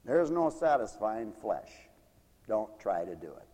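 Animated folksy preacher man, echoing hall. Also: lowish voice, unhurried. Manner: animated, folksy, acts out quoted people. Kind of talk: folksy sermon.

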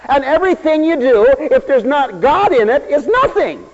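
A man preaching a sermon, swinging between loud exclamations and low asides and acting out the voices of the people he quotes. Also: sing-song, moderate pace. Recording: dull, lo-fi radio broadcast with hall reverb.

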